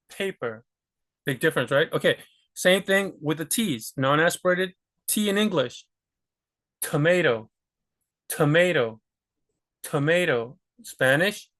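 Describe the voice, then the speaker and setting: A man's voice: fairly high pitch, a bit bright. A man giving a casual pronunciation lesson, chatty and full of fillers, repeating words over and over to demonstrate. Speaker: language teacher.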